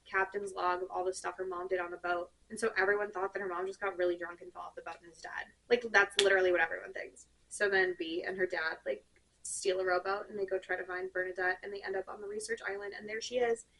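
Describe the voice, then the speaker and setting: A young woman reviewing books she hated, in an animated, sarcastic, rambling way, full of "like". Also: lowish voice, quick pace, creaky, recorded from a distance, a little hiss or hum, poor audio. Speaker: book reviewer. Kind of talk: casual rant.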